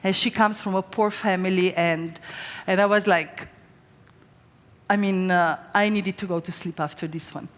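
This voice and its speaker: A woman's voice: lowish voice, fairly even intonation, normal speed. Chatty woman chef on a reverberant stage. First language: Slovene. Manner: chatty, storytelling with filler words and restarts. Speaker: chef giving a stage cooking demonstration. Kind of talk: live stage cooking demo and talk. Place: large hall on a stage. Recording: live hall with long reverb.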